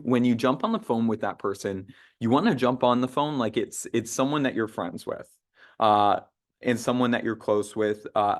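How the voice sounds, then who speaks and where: A young man running an online sales training call, talking casually with lots of fillers and restarts. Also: fairly low pitch. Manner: conversational, many "uh" fillers and restarts, acts out sample phone lines. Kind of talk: casual team training talk.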